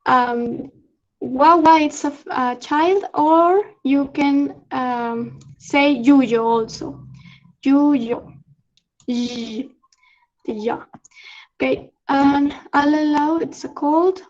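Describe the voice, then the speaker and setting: Halting Peruvian woman, slow and high. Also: highs cut off. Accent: Peruvian Spanish. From Peru. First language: Spanish. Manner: halting, many fillers, laughs often. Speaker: student exchange presenter. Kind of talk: online slang lesson. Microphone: video call.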